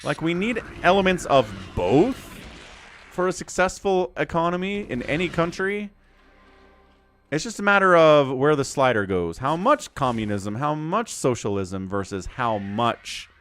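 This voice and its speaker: A man casting a live-streamed strategy game, chatting with viewers and breaking into excited play-by-play during fights. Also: on the high side, unhurried, a little hiss or hum.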